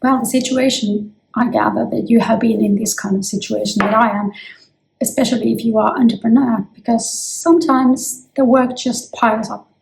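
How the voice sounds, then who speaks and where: A woman's voice: on the high side, a little mellow, poor audio. A woman in her fifties who is losing her voice, chatting reflectively to camera from her office in a casual vlog. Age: 50s. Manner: chatty and reflective, with frequent restarts. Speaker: vlogger.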